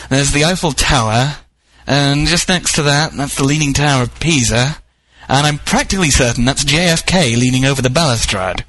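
A man reading a scripted comic report with wry, wordy deadpan humour. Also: medium pitch, no room sound, poor audio. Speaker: correspondent.

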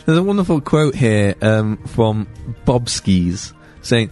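A man hosting a radio show, chatting casually and quickly with stumbling restarts, in a radio studio. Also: on the low side, big pitch swings, a little mellow, faint music behind.

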